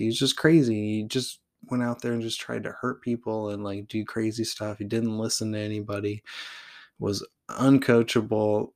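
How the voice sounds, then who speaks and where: Podcast host, man, 30s, from Oregon; rambling, profane, casual storytelling with a gravelly low voice. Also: a little mellow. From Oregon, USA. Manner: rambling, fills with "like" constantly, blunt and profane.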